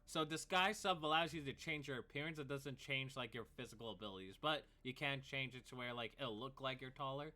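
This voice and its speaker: A bright-toned man runs a tabletop game as game master. His narration is loose and chatty, full of fillers and restarts. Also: mid-range voice, a little fast, hardly any pauses. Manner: loose, filler-heavy narration with acted cultist outbursts.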